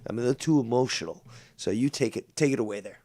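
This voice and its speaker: Profane, gravelly talk-show host. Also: male voice, fast talker. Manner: loud, profane, swinging between shouting and low muttering. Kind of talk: heated livestream talk show.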